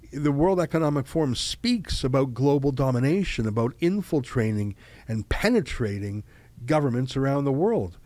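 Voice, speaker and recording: A man giving a monologue of political commentary, deliberate and stretching key words. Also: mid-range voice, warm tone, dry recording.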